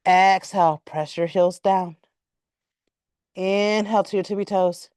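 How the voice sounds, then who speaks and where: Calm woman guiding a yoga class. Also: mid-range voice, no room sound, studio quality. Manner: calm, measured breath cues. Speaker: yoga instructor. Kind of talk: guided yoga class cues.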